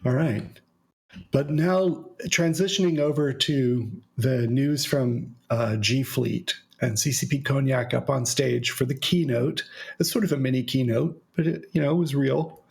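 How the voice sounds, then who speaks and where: A man with a gravelly, creaky edge to his mid-pitched voice hosts a relaxed podcast. He talks in a loose, storytelling way, full of "uh" and restarts. His tone stays conversational throughout. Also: unhurried. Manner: relaxed storytelling with frequent fillers. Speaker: podcast host. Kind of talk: casual podcast chat.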